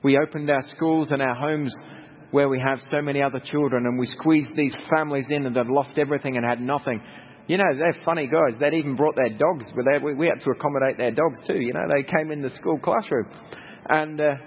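Telling anecdotes to a congregation, this middle-aged Australian missionary speaks conversationally with humorous asides. His voice is on the high side, slightly rough and a little fast, with fairly even intonation. Hall reverb and faint noise color the dull lo-fi recording.

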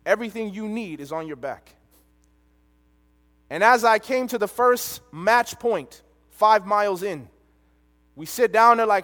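A man preaching a sermon, telling a personal story with animated delivery and quoted dialogue. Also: high-pitched, unhurried, pauses often. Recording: long reverb of a large hall.

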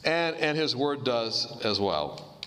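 A man's voice: mid-range voice, sing-song, slow pace, a bit bright. A man giving a sermon-style talk, telling stories with humor and asides to the audience. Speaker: preacher. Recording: long hall reverb.

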